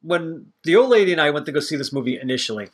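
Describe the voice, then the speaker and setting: A man's voice: fairly high pitch, lively intonation, rapid-fire, husky. Opinionated man rambling on movies. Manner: rambling, opinionated, swears freely. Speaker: podcast co-host. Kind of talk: casual movie review chat.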